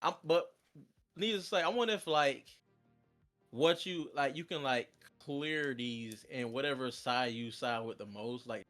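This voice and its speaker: A man's voice: medium pitch, a little slow, fairly bright tone, soft background music. A man co-hosting a gaming podcast, talking loosely with lots of fillers and easy laughter. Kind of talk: casual chat.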